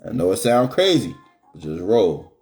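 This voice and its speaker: A man's voice: on the low side, very animated, normal speed, darkish tone, faint music behind. A middle-aged man hosting a live stream, joking in slangy casual chat.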